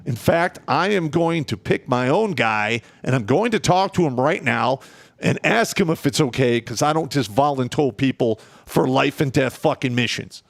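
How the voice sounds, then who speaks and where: A man's voice: medium pitch, moderate pace, gravelly, no room sound. A middle-aged man telling profane, blunt stories from his army years in a casual chat. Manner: profane, blunt, animated storyteller. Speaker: guest telling war stories.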